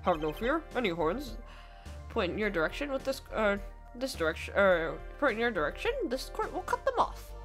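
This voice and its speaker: A woman's voice: medium pitch, very animated, music in the background, natural voice. Fussy elderly judge, hesitant delivery, put on by a woman streamer. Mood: ponderous. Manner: halting, hesitant. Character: elderly male courtroom judge, fussy and easily swayed. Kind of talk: reading game dialogue aloud.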